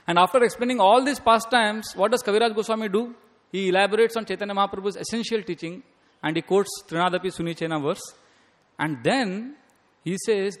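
High-voiced man preaching in an echoing hall. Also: brisk, fairly bright tone. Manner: storytelling, quotes scripture and sings verses. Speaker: speaker giving a devotional talk. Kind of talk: devotional lecture. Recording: long reverb of a hall.

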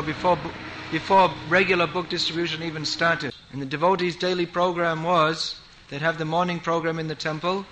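Guy preaching, tells stories, repeats stuff for emphasis, kinda high bright voice. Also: slight background noise, low-quality recording. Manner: emphatic storytelling, repeats for stress. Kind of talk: sermon.

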